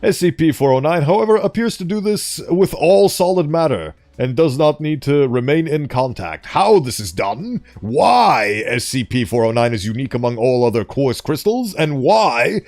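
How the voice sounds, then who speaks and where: Animated man reading with joking asides. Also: on the high side, moderate pace, few pauses. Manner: animated, breaks off into playful asides. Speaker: streamer reading internet horror articles. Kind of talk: casual reading with joking commentary. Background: faint background music.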